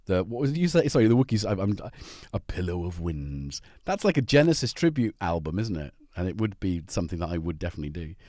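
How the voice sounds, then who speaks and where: A man hosting a livestream from his home studio, chatting in a rambling, friendly way and calling out to viewers by name. His pitch jumps up and down a lot as he talks. The sound is dry and close to the mic. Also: sing-song, fast, warm tone, dry recording. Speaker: livestream host. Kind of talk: casual livestream chat.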